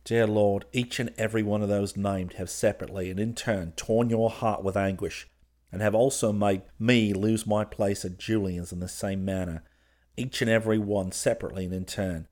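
A man's voice: fairly low pitch, fairly even intonation, normal speed, a little mellow, close to an everyday voice. A man voicing a scornful, exasperated young male art student scolding his friend. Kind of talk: audiobook character reading.

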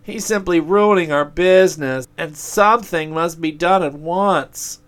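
Guy doing a bitter envious demon, high and whingey, always griping. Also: very animated, moderate pace. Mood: indignant. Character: resentful, grumbling male demon of envy.

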